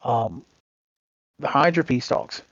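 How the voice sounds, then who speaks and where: A man's voice: medium pitch, animated, slow, a bit bright, no room sound, highs cut off. A man being interviewed as a gaming community leader, telling long anecdotes in a casual, rambling way full of fillers and restarts.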